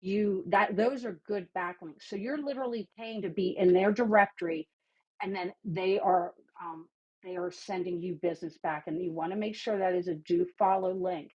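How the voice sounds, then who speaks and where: A woman joins a casual podcast panel as a guest, voicing strong opinions with lively asides and a slight lisp from teeth whitening strips. Her voice is lowish and slightly rough at a moderate pace, and the recording is muffled.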